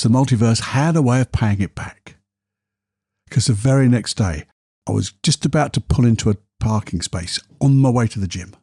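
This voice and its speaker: A man's voice: medium pitch, darkish tone, breathy edge, dry recording, studio quality. A man hosting a solo podcast, telling candid, self-deprecating stories. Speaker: podcast host.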